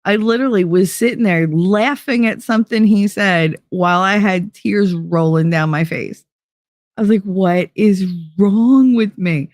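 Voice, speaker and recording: A middle-aged woman hosts a loose live-stream chat, candid and profane, often breaking into laughter. She slips into quick put-on voices when she quotes her family. Her voice sits in a middle pitch and sounds dry, with no room around it. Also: dry recording. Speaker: livestream host.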